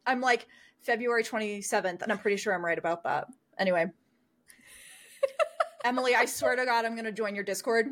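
A woman's voice: a little high, moderate pace, long pauses. A young adult woman chatting as a podcast guest, bubbly and self-deprecating, often laughing. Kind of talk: casual chat.

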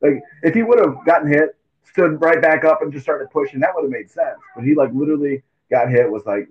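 A man's voice: on the high side, fairly quick. Man on a tinny, phone-like mic. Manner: animated, acts out quotes in silly voices. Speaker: podcast co-host. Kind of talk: casual sports chat.

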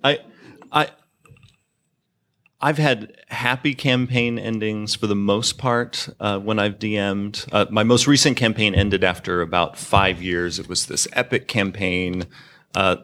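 A man who runs tabletop games, telling a campaign story in a measured, wry way. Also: fairly low pitch, fairly even intonation, fairly bright tone. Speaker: game master telling table stories. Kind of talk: casual storytelling chat.

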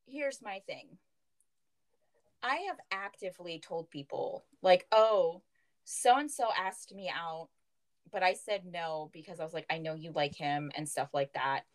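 A young woman co-hosting a casual chat, telling animated stories, swearing freely and laughing often. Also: on the low side, unhurried, poor audio. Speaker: podcast co-host.

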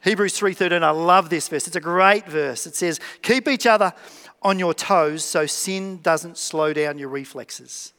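High-voiced pastor preaching in a hall. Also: male voice, measured pace, sharp tone, clean tone. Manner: conversational, acts out little dialogues, repeats key phrases. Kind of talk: sermon. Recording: long reverb of a hall.

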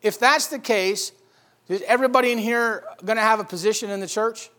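A man preaching a sermon, swinging from loud emphatic bursts to quiet storytelling. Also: high-pitched, fairly quick. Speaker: pastor.

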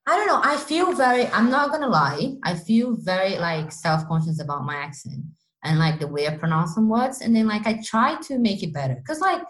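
A young woman from Brazil with a Brazilian Portuguese accent and a deep voice, chatting casually with lots of fillers and restarts. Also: expressive, brisk, hardly any pauses, low-quality recording. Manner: talks with many fillers and restarts. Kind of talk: casual chat.

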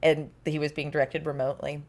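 A woman voice actor chatting casually, telling lively stories and mimicking the people she quotes. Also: low voice, fairly quick. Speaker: podcast guest, voice actor. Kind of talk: casual chat. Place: recording studio.

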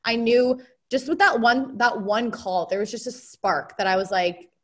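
A young woman co-hosting a casual podcast chat, speaking in an earnest, heartfelt way with quick, rambling bursts. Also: fairly high pitch. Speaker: podcast co-host.

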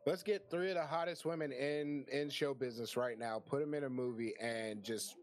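A man's voice: medium pitch, moderate pace. A man in a casual group chat, wry and questioning.

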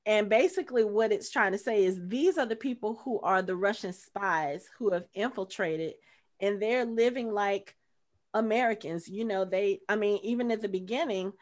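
A middle-aged woman talks through a film in a casual podcast chat. She is blunt and animated, swears without a second thought, and keeps her voice at an ordinary middle pitch. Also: moderate pace. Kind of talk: casual movie review chat.

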